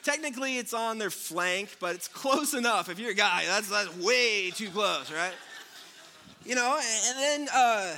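A man preaching a sermon as pastor, mixing loud jokes with quiet, earnest passages. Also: sits high, lively intonation, a little slow.

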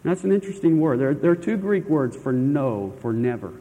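A man's voice: a little high, very animated, a little fast, mellow, long reverb tail, rough recording. A man preaching a sermon as pastor, earnest and emphatic, stretching key words and asking the listeners questions. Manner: asks the listeners rhetorical questions.

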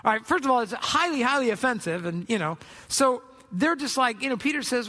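A man's voice: sits high, very animated, brisk, sharp tone, long reverb tail. A man preaching a sermon as pastor, in a conversational way that is full of rhetorical questions.

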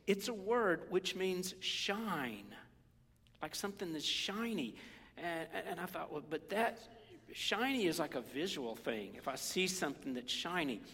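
Husky guy preaching, chatty then whispery, big echoey church hall. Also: fairly high pitch, measured pace. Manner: conversational, animated preaching that drops to a whisper. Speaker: pastor. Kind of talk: sermon.

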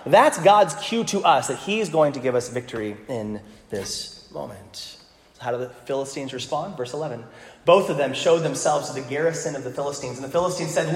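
A man's voice: a little high, animated, fast talker. A male pastor preaching a sermon in a casual, joking way, with playful voiced asides. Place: church sanctuary. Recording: echoey hall with long reverb.

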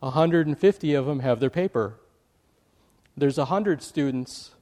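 A man's voice: medium pitch, a little slow, long reverb tail. A man preaching a sermon, telling a story with animation and acting out the voices in it. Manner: animated, acts out quoted voices.

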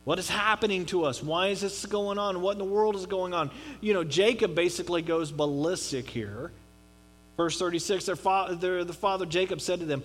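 A man with a notably high voice delivers a conversational sermon, talking to the congregation like a friend. He drops into quiet, low asides and then climbs into emphatic declarations. The sound carries a long reverb from a large hall. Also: moderate pace. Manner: conversational preaching with dramatic drops and rises. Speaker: pastor.

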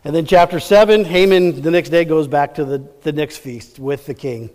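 A man's voice: fairly high pitch, normal speed, few pauses, darkish tone, in a large hall. A man preaching a sermon, retelling a Bible story in a casual, rambling way that often corrects itself. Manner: chatty, rambling, self-correcting.

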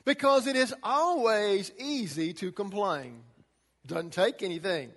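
A man's voice: sits high, unhurried, fairly bright tone, big-room sound. A man preaching a sermon to a congregation, emphatic, his delivery rising and falling. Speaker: pastor.

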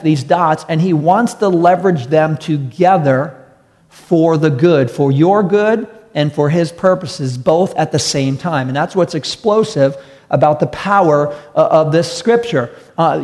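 A man preaching a sermon in a fairly high voice. He talks to the congregation conversationally, repeats his words and keeps asking rhetorical questions. A long reverb trails behind him in a church hall. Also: darkish tone. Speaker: pastor.

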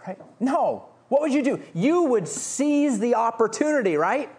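A man preaching a sermon from the pulpit, his delivery lively and full of swings in pitch. He moves between reading scripture and acting out the beggar's loud, pleading cries. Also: a little slow. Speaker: pastor.

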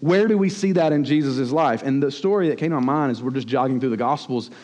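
A man preaching a sermon as pastor, telling a story with animated, acted-out rebukes. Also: medium pitch, fast. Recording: long hall reverb.

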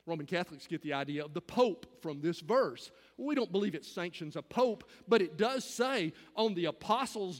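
A man in his fifties delivers a sermon in an earnest, urging way, piling up rhetorical questions before rising into emphatic encouragement. His voice sits high for a man. A long reverb hangs behind his words in what sounds like a large church hall. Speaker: pastor.

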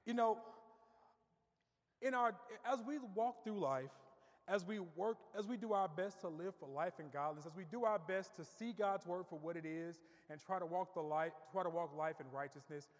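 Male preacher, high pitch, sermon in a big reverberant sanctuary. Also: moderate pace. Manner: preaching with rising emphasis, repeats words as he builds. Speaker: pastor. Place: church sanctuary. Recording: long reverb of a church hall.

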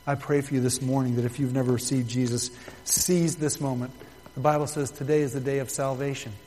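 A man's voice: mid-range voice, flat delivery, a little fast. Fervent male pastor in echoey church. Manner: fervent, pleading, swells loud then drops soft. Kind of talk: sermon closing prayer. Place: church building.

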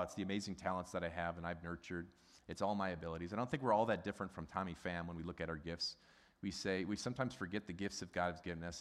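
A middle-aged man from the Midwest preaching a sermon in a conversational, animated way, asking the congregation questions. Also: low-pitched. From American Midwest. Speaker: pastor. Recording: long hall reverb.

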